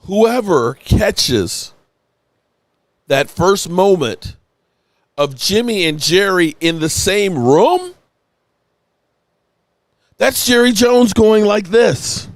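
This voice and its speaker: Excited, tipsy man rambling on a live stream. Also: high voice, drawn-out words, long pauses, no room sound. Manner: excited, rambling, emotional, swears freely. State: tipsy from rum. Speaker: sports channel host.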